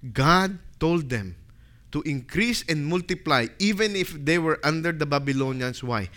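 A medium-pitched man delivers a dramatic sermon packed with rhetorical questions, his voice swinging between loud and hushed.

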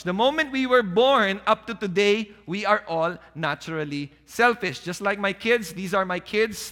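Animated bright-voiced male preacher. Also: sits high. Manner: animated preaching, drops to soft calm voice when quoting. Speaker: pastor. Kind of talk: sermon. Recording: long hall reverb.

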